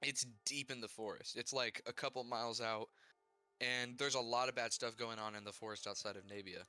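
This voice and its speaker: A young man recapping his tabletop game character's backstory, halting, with many fillers and restarts. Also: medium pitch, steady tone, pushed and bright, smooth, no room sound, soft background music. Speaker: player.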